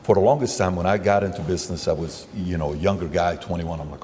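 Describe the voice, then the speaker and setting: Male podcast host, low voice, rambling and anecdotal, with a long room reverb. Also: fast talker, background noise. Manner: rambling, acts out quoted dialogue. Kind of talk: conversational podcast interview.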